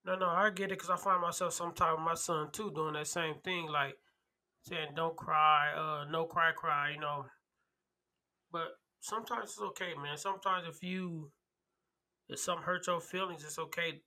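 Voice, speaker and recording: A man's voice: a little high, steady tone, moderate pace, pushed and bright. A man on a casual podcast, emphatic and repeating key phrases, often checking in with "right?".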